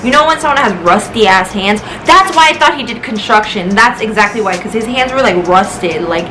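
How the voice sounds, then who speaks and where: A woman's voice: medium pitch, lively intonation, a little fast, pushed and bright, a little hiss or hum, rough recording. A tipsy young woman rambling through a casual storytime with lots of swearing. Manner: rambling, swearing, loose and chatty. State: tipsy and high. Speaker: vlogger. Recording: music playing behind her voice.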